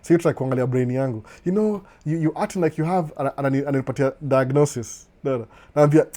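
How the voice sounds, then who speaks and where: During an easygoing live chat, a middle-aged Kenyan man answers viewer comments as they appear, his talk sliding between Swahili and English. The voice is medium-pitched, mellow and even, and he regularly dismisses things with a quick "no, no" and a chuckle.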